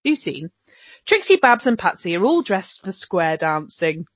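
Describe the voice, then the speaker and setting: Fairly low-pitched and sing-song, an unhurried woman co-hosts a podcast, recapping a TV episode with plenty of swearing and ums. The recording is dull, lo-fi and dry, without echo.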